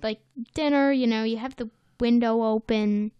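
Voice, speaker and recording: A woman's voice: on the high side, steady tone, normal speed, clear, resonant tone, dry recording, highs cut off. A woman in casual chat, animatedly retelling a cartoon episode and slipping into character voices.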